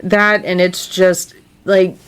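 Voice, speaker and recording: A woman's voice: lowish voice, level tone, slow pace, smooth. A young adult woman co-hosting a casual podcast, talking earnestly and filling her sentences with "like.". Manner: earnest, lots of "like" fillers. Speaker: podcast co-host.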